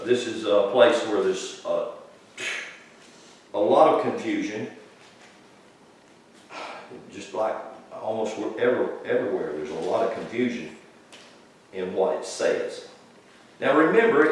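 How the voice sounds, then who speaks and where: A man preaching a sermon to a congregation, explaining scripture and building to loud, high-pitched emphasis. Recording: echoey hall, distant from the mic.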